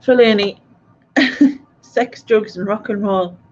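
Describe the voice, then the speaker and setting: A woman's voice: medium pitch, slow, darkish tone. Woman chatting on a live stream, laughs lots, kinda dull lo-fi audio. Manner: giggly, chatty, laughs often. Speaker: livestream host. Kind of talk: casual chat reading live comments.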